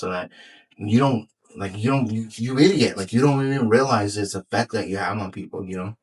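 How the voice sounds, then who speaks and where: A man's voice: on the low side, moderate pace, breathy edge, rough recording. A man co-hosting a podcast in casual chat, rambling with lots of fillers and restarts and swearing freely. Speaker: podcast co-host.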